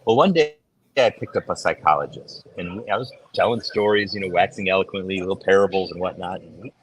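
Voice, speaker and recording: A middle-aged man chatting casually as a podcast co-host, telling stories and acting out quoted voices with big jumps in pitch. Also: fairly quick, a little hiss or hum, low-quality recording. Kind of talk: casual chat.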